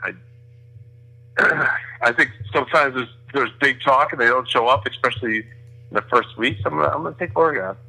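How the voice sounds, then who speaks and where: A man's voice: mid-range voice, fairly quick, creaky, bright, forceful tone, low-quality recording. A man co-hosting a sports betting podcast, joking and sarcastic, often hesitating and restarting his sentences. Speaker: podcast co-host. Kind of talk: casual sports betting chat.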